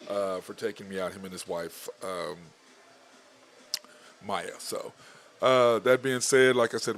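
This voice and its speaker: A man's voice: medium pitch, a bit bright, a little hiss or hum. A man hosting a casual sports podcast, loose and rambling, laughing as he tells stories. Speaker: podcast host. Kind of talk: casual sports show chat.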